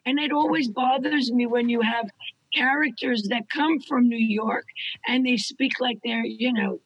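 Woman guest w a high husky voice, emphatic, swears, dry close sound. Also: measured pace, dry recording, muffled recording. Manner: emphatic, profane. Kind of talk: casual conversation.

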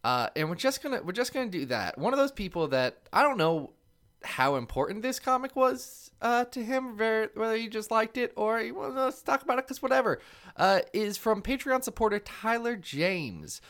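A man's voice: sits high, lively intonation, moderate pace, fairly bright tone. Rambling jokey man podcasting. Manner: rambling, jokey, self-deprecating. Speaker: podcast co-host. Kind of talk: casual podcast chat.

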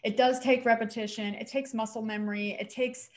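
A young adult woman, a dental hygienist co-hosting a show, talking in an animated, emphatic way. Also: fairly high pitch, fairly quick. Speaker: podcast co-host, dental hygienist. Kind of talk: casual chat.

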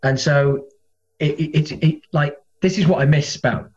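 A man, a comedian and guest, telling stories in a casual, animated way and acting out other people's voices. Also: fairly high pitch, normal speed, muffled recording. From England. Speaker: guest, comedian and former metal singer. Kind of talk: casual storytelling.

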